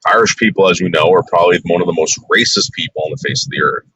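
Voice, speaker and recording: A man's voice: low voice, fast, sharp tone, a little hiss or hum, low-quality recording. A man from the New York area, bluntly narrating a casual tour in a rambling, crude way. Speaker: vlogger.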